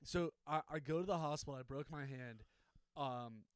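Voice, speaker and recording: A man co-hosting a comedy podcast, an animated storyteller who laughs often, speaking into a studio microphone. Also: on the high side, normal speed, clean tone, no echo. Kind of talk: casual comedic chat.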